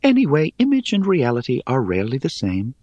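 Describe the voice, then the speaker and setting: A man's voice: medium pitch, wildly swooping pitch, mellow, no room sound, highs cut off, voice pushed up. Grand Elusa, airy tiny spider, as a man puts her on. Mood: wry. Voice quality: airy and small. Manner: teasing, unhurried, superior. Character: tiny white spider, female, ancient, wry and hungry.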